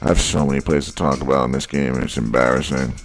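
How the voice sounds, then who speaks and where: A man breaking down football highlights in casual commentary, blunt and exasperated, repeating his points. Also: level tone, quick pace, faint music behind. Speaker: football film analyst.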